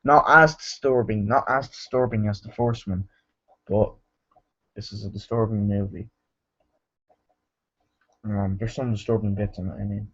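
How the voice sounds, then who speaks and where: A man's voice: fairly low pitch, steady tone, normal speed, pauses often, a bit bright, slightly rough, dull audio. A man giving a casual, rambling movie review, full of fillers and restarts.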